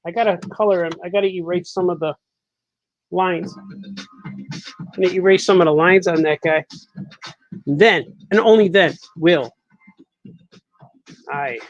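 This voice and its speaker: A man's voice: high voice, dry recording, highs cut off. A man, a cartoonist, chatting casually on a live stream while he draws, repeating himself as he works.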